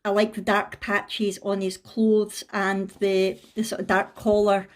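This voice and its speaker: A woman's voice: medium pitch, flat delivery, measured pace. Chatty Scottish woman, giggly vlogger. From Scotland. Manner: chatty and giggly, talks herself through her choices. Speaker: craft channel host. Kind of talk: casual show-and-tell vlog.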